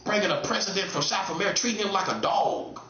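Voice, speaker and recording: A man in his late forties taunts his listeners with repeated rhetorical questions, his voice bright and pushed. It swings between high teasing and low, menacing mutters. The sound is roomy and echoey, a little dull and lo-fi. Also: quick pace. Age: 40s. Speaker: self-styled prophet streamer. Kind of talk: taunting monologue.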